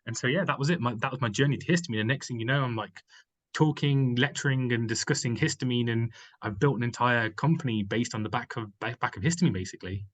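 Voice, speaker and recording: A man's voice: mid-range voice, fast, poor audio. A man from the United Kingdom, a company founder who is a guest, telling his story in casual conversation, rambling with many fillers and restarts.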